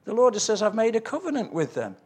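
A man's voice: sits high, huge pitch swings, fairly quick, darkish tone, slightly rough. A man preaching a sermon, earnestly telling stories with quoted dialogue and reading scripture aloud.

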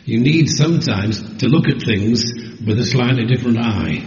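A man's voice: mid-range voice, normal speed, darkish tone. A man preaching a sermon and joking playfully with his congregation. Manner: jokey, teasing, playful with the congregation. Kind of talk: sermon with audience banter. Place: church hall. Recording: roomy hall, lo-fi recording.

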